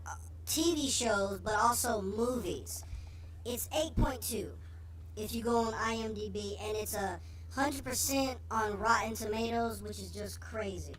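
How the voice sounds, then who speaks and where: A man speaking through a voice filter that raises his pitch, giving slow and hesitant opinions in a review. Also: a bit bright, rough recording. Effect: pitch-raising voice filter. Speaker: livestream host reviewing a TV show.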